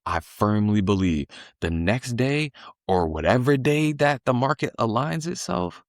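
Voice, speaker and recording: A man's voice: mid-range voice, a little slow, no echo, clean studio sound. A man talking casually as a podcast guest, telling stories in a laid-back, slangy way. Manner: laid-back slangy storytelling, animated when voicing the market.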